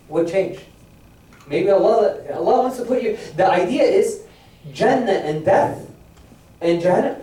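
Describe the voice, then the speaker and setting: A man's voice: extremely high pitch, darkish tone. A man giving a religious lecture that explains Quranic verses, firing rhetorical questions and acting out quoted voices. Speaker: religious teacher. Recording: very echoey, far from the mic.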